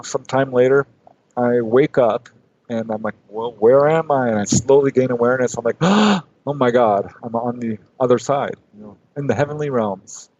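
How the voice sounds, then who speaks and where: A man's voice: medium pitch, darkish tone, no room sound, muffled recording. A man talking as a guest on a radio interview, laughing often and acting out his own quotes.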